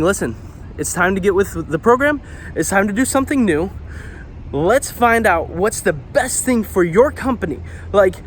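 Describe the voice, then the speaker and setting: Man in his 30s, higher-pitched voice, chatty marketing explainer, pacing outdoors with faint street hum behind. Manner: paces while talking, slightly out of breath; conversational, lots of fillers and "right?". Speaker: web designer and marketer. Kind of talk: casual explainer monologue.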